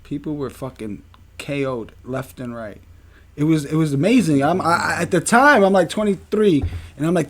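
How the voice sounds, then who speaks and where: A man tells a story as a podcast co-host, his voice sitting a bit higher than most men's. He talks in a loose, animated, emphatic way and swears freely. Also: normal speed. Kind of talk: casual storytelling.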